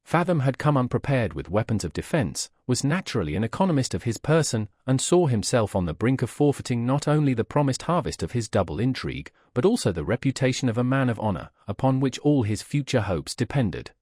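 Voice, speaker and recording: A man narrating a classic novel as an audiobook, in a measured, expressive storytelling manner. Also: medium pitch, no echo, studio quality.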